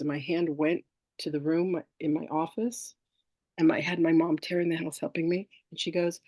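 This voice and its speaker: A woman hosting a spiritual workshop, talking casually with affection and telling stories in an animated way. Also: low voice, normal speed, no echo. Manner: affectionate, animated storyteller who greets people warmly.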